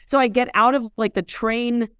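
A woman's voice: fairly high pitch, normal speed, smooth, no room sound. American woman in her 30s telling a story, chatty, says like a lot, dry room. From United States. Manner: animated, fillers like "like", acts out quotes. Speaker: whiskey entrepreneur guest. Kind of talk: casual storytelling interview.

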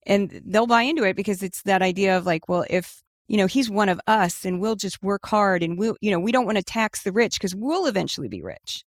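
A woman answering interview questions in a casual, animated way, full of "like" and "you know". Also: medium pitch, brisk, few pauses, no room sound, clean studio sound. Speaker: guest, media newsletter writer.

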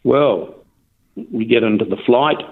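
A man's voice: mid-range voice, unhurried. New Zealand man on a tinny phone line. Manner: rambling, with restarts and fillers. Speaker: interviewee. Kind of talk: phone interview, casual storytelling.

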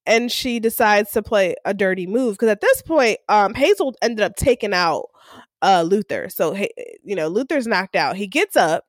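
A woman's voice: medium pitch, animated, moderate pace, no echo, clean studio sound. A woman co-hosting a recap podcast, casually retelling episode scenes and acting out the characters' lines. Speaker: podcast co-host.

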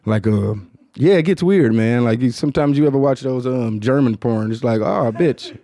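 A man with a Detroit accent hosting a casual podcast, talking in a low, mumbled, rambling way with lots of fillers and swearing. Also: moderate pace, dark tone, dry recording, studio quality. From Detroit, United States. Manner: low-toned, mumbled, hard-to-follow delivery; loose, profane, rambling with many fillers. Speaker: podcast host. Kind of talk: casual chat.

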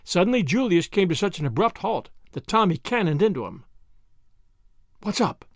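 A male audiobook narrator telling the story in a measured way, his fairly high voice moving with lively rises and falls. The sound is close and dry, with no trace of the room. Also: no echo. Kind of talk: scripted narration.

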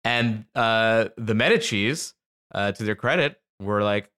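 A man's voice: lowish voice, a little slow, pushed and bright, smooth. Enthusiastic, swearing young man co-host. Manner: enthusiastic, profane, joking. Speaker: podcast co-host. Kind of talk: casual chat.

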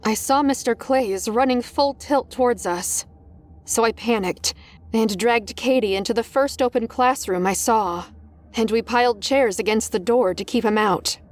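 A woman's voice: on the high side, a little slow. A woman narrating a first-person horror story in a tense, dramatic manner. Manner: tense, dramatic, rising in panic.

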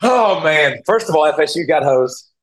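A man's voice: a little high, animated, normal speed, fairly bright tone. A former football player and analyst, a man, talking as an interview guest, telling stories earnestly and emotionally with many restarts. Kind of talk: casual interview talk.

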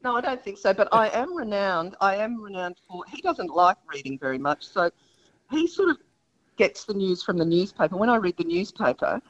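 An older woman with an Australian accent, a newsreader guest telling her story in a reflective radio interview, with emphatic pauses. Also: mid-range voice, expressive, lo-fi sound.

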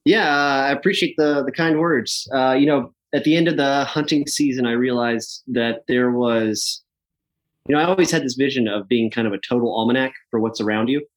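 A man's voice: medium pitch, steady tone, moderate pace. A man who is a podcast guest, talking about his work in an easygoing casual chat and laughing along. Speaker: podcast guest, app founder.

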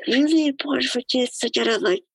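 A woman's voice: sits high, expressive, brisk, slightly rough, no room sound, poor audio. A woman guest on a podcast, talking through ideas in a thoughtful, musing way with many fillers. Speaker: guest, disability activist. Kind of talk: casual podcast chat.

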